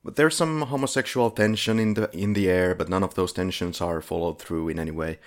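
A man's voice: low voice, brisk. A man co-hosting a casual podcast, rambling and correcting himself as he talks. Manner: rambling, self-correcting, laughs often. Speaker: podcast co-host.

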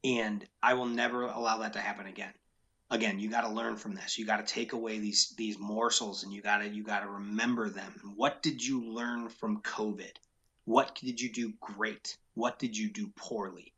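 A man's voice: on the low side, fairly even intonation, moderate pace, sharp tone. A man who owns a business, talking frankly and emphatically in a casual interview, often repeating his key points. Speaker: business owner.

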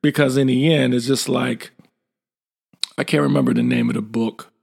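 Gravelly middle-aged man telling war stories. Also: mid-range voice, moderate pace. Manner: lively, acts out quoted dialogue; blunt and informal. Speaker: military veteran guest. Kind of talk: casual storytelling.

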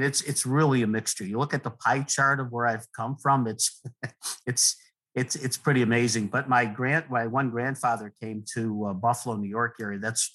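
A middle-aged man, a guest poet, talking in a rambling, earnest way, with many restarts and soft laughs. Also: medium pitch, low-quality recording. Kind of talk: relaxed conversational interview.

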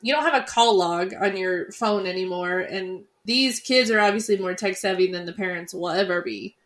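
A woman co-hosting a podcast, talking through a movie plot in a relaxed, conversational way. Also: mid-range voice, moderate pace. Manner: relaxed, conversational, frequent "like" fillers. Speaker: podcast co-host. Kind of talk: casual movie recap chat.

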